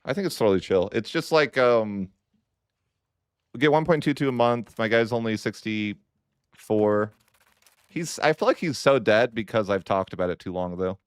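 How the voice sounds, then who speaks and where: A man's voice: on the low side, animated, moderate pace, smooth, no room sound, clean studio sound. A man giving casual commentary over a strategy game, wry and mock-dramatic as he grumbles about his bad luck. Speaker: gaming YouTuber.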